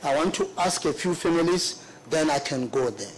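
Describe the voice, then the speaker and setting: A middle-aged man giving formal testimony at a hearing, earnest and remorseful, halting and repeating himself. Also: fairly high pitch, expressive, slight background noise, low-quality recording. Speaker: witness at a public hearing.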